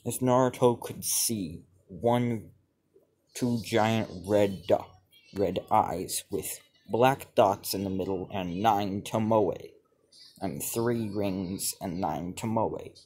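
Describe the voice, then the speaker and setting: A man telling a fan-made story off the cuff, halting and restarting his sentences, stringing events together with "as". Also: lowish voice, a little mellow. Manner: halting, many restarts and repeated "as he would". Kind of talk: improvised fan-fiction narration.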